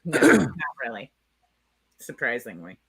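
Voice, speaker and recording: A woman's voice: rumbling low, huge pitch swings, a little slow, creaky, a bit bright, breathy edge. A woman guest in a casual interview, blunt and wry, laughing at her own jokes.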